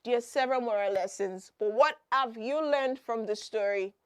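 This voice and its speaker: High-voiced woman teaching children. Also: moderate pace, clean tone. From Nigeria. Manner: questions children directly, then answers and repeats key points with emphasis. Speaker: children's Bible program host. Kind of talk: children's Bible lesson.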